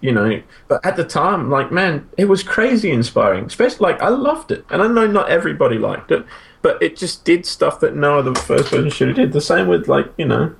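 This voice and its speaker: A man's voice: on the high side, sing-song, fairly quick, vocal fry. A man chatting casually about old video games, enthusiastic and rambling, full of fillers and restarts.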